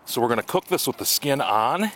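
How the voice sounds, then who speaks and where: Fishing and cooking in the woods, an outdoor vlogger talks to the camera casually, cracking jokes and teasing himself, and gets out of breath now and then. His medium-pitched, fairly bright voice swings widely in pitch and moves briskly, with a little hiss or hum.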